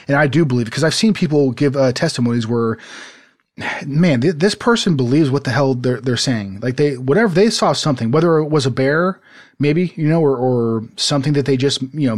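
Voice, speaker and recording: A man chatting casually as a podcast co-host. He rambles, with many fillers and restarts, and he laughs easily. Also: medium pitch. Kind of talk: casual chat. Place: home, desert city.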